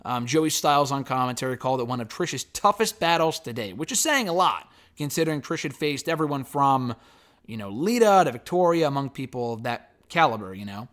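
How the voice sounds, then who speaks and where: A man's voice: mid-range voice, lively intonation, fairly quick, fairly bright tone. A man giving a loose, chatty spoken recap and review of a wrestling show. He swears casually and waves off details with "blah, blah, blah.".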